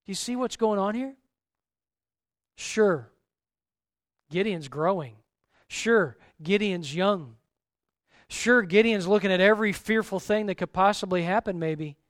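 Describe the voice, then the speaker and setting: A male pastor preaching a sermon, animated, acting out the lines of the Bible's figures. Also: high voice, a little slow, pauses often, dry recording, clean studio sound.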